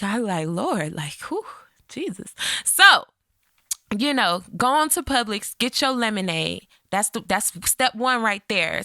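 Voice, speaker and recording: A woman's voice: medium pitch, pushed and bright, no room sound, clean studio sound. A woman hosting her own podcast, talking in a chatty pep-talk way and often checking in with her listeners. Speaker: podcast host. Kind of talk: solo podcast monologue.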